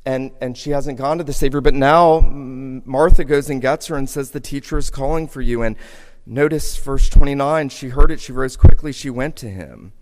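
A man preaching a sermon, moving between loud emphatic lines and hushed, slowed passages. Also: medium pitch, fairly even intonation. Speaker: pastor. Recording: hall reverb, sermon in a church.

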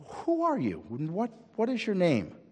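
Preacher acting out a jumpy burglar, voice jumps high, stammering, in an echoing sanctuary. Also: male voice, wildly swooping pitch, normal speed, warm tone, slightly rough, exaggerated voice. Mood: startled. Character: startled male burglar.

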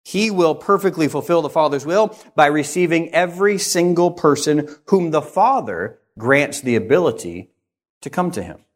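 A man's voice: a little high, animated, moderate pace. A man preaching an expository sermon, with emphatic, rhythmic repetition.

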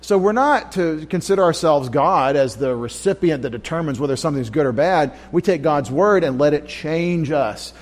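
Male Bible teacher, slightly high voice, relaxed conversational delivery with anecdotes and audience questions. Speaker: pastor. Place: church.

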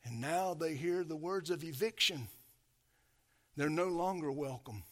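A man preaching a sermon, emphatic, swinging from hushed to loud and urgent, calling his listeners beloved. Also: fairly high pitch, a little slow.

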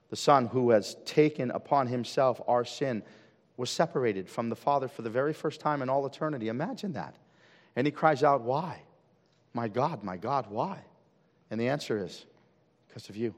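A male pastor preaching a sermon at a church service. He asks his listeners question after question and swings from loud, emphatic calls down to hushed, intense lines. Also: medium pitch, big-room sound. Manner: asks the congregation rhetorical questions.

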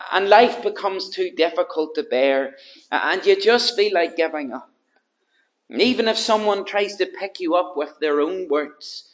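Earnest high-voiced male preacher. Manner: earnest, builds through repeated rhetorical questions. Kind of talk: sermon.

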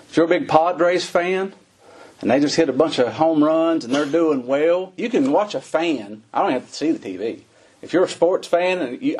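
A man's voice: on the high side, darkish tone, slightly rough. A middle-aged man preaching a sermon in a folksy, conversational way, asking his listeners rhetorical questions.

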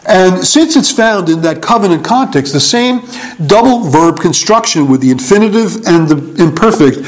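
A middle-aged man teaching in a conversational sermon, musing and halting with small chuckles. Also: high-pitched, lively intonation, low-quality recording. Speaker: preacher.

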